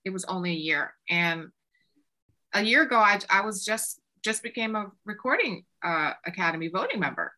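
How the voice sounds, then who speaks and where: Bright-voiced woman telling a story. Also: medium pitch, moderate pace. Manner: animated, acts out quoted exchanges with lots of "like". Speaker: songwriter and producer guest. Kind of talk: casual interview storytelling.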